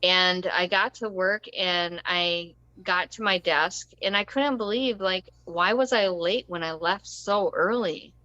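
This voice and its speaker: Slow-talking woman with a bright voice. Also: on the low side, no room sound, dull audio. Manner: rambling and conversational, with frequent ums and short laughs. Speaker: interview guest. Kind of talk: casual personal storytelling.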